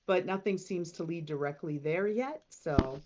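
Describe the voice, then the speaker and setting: A woman talks through her tabletop game in a chatty, hesitant way. Her voice sits on the low side for a woman. The mic sounds a bit dull. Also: a little slow, noisy background. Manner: chatty, hesitant, laughs easily. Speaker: player. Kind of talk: casual chat.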